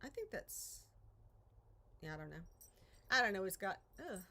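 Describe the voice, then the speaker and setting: Very animated yet a little slow, this woman's medium-pitched voice comes across as pushed and bright. She's a craft channel host live streaming casually from her home art studio, wandering through topics, interrupting herself and sighing over her problems.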